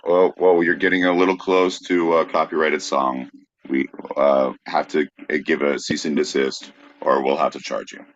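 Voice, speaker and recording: A man's voice: extremely low pitch, level tone, normal speed, muffled recording. A man co-hosting a live comedy podcast, playing the dry straight man in a bit. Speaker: podcast co-host.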